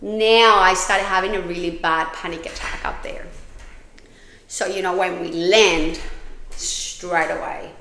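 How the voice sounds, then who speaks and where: A woman's voice: lowish voice, fairly even intonation, a little slow, sharp tone, reverberant, slight background noise. A woman hosting a podcast, telling her own story in a frank, candid way, swearing freely and often restarting her sentences. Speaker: podcast host.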